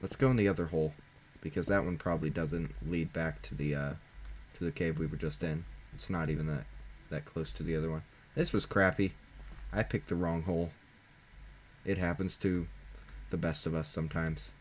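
A teenage boy casually commenting on his own gameplay into a desk mic, chatty and jokey, thinking out loud and poking fun at himself. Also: sits low, steady tone, moderate pace, slight background noise. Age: teens. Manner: chatty, jokey, self-mocking, thinking aloud. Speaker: gaming channel host. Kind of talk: casual let's-play commentary. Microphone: desk microphone.

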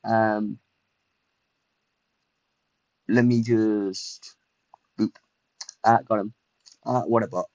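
Young man, low voice, casual gameplay commentary, excitable, self-mocking, dry slightly muffled mic. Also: slow pace, no room sound. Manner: chatty, self-mocking, excitable, lots of fillers. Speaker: streamer.

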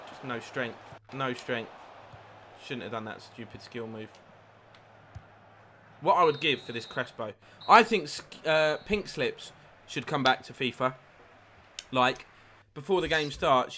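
Excitable man streaming a football game. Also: medium pitch, moderate pace. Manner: excitable, swears at the game, reads out followers. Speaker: gaming streamer. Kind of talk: live gameplay commentary with chat.

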